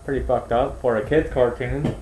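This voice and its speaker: A man's voice: medium pitch, fairly even intonation, normal speed, dark tone, reverberant, slight background noise, low-quality recording. A man chatting casually as a podcast co-host, laid-back, mostly giving short replies. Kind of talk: casual chat.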